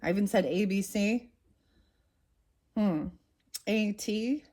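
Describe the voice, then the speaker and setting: Excitable lady doing a chatty tarot reading for viewers, mid-pitched voice. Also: slow pace. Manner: excitable, talks straight to viewers, bursts of laughter. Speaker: tarot reader. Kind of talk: casual tarot reading and reading aloud.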